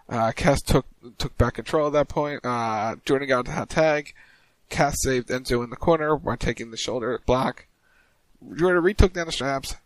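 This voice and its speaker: A man co-hosting a casual wrestling podcast, reading tweets aloud in a wry, deadpan way. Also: medium pitch, no echo. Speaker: podcast co-host.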